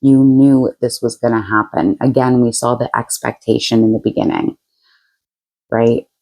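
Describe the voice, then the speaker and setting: A woman's voice: rumbling low, steady tone, moderate pace, warm tone, poor audio. Chatty, frank woman reading tarot. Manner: chatty and frank, laughs often, blunt slang. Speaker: tarot reader. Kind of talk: casual tarot reading to camera.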